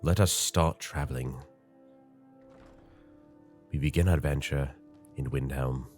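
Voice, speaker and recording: A man with an extremely deep voice hosts a relaxed gameplay session, sounding congested as he rambles and thinks out loud. Faint game music plays quietly behind him. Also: a little slow. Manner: rambling, chatty, thinks aloud with many fillers. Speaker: gaming channel host. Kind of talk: casual gameplay commentary.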